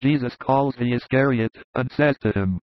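A man reading a scripted story narration in an even, level way. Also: medium pitch, normal speed, no echo. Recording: dull, muffled sound.

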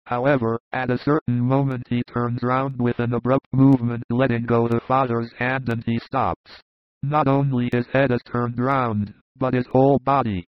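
A man giving measured, descriptive narration of a religious story as an audiobook reader. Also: medium pitch, little pitch movement, no room sound. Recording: dull lo-fi recording.

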